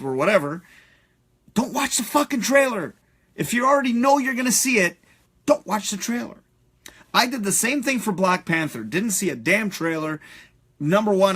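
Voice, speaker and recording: A man's voice: high voice, husky. Profane, ranting man. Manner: profane, animated ranting with frequent fillers. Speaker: host. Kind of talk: live-stream rant.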